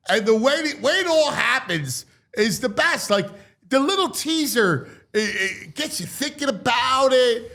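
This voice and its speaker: A man hosting a sports talk show, gushing and loud with excitement. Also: very high voice, unhurried, vocal fry.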